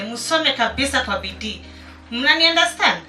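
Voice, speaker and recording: A woman's voice: on the high side, moderate pace, pushed and bright, echoey room, recorded from a distance, faint music behind. A woman from Kenya exhorting schoolchildren to study hard and asking them questions. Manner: exhorting, asks the children questions. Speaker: guest speaker. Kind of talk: Swahili speech to pupils.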